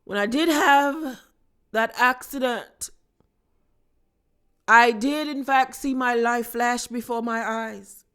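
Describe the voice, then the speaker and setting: A woman's voice: fairly high pitch, takes it slowly, pauses often, fairly bright tone, smooth, voice pushed up. A woman mimicking a dramatic, posh woman with an affected, theatrical accent. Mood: melodramatic. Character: dramatic posh woman giving a grand speech.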